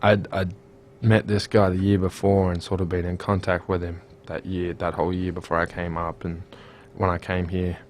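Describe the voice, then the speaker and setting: A man's voice: deep voice, normal speed, few pauses, slight background noise. A young man from Australia with an Australian accent, telling stories casually as a student guest in an interview. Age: young adult. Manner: relaxed, storytelling, careful articulation.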